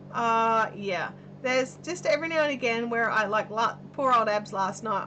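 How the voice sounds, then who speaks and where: A woman's voice: medium pitch, a bit bright, a little hiss or hum. A middle-aged Australian woman hosting a live stream at home, chatting in a rambling way and reading viewer comments aloud while she crochets. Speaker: livestream host. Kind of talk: casual chat while crocheting. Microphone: camera mic on a live stream.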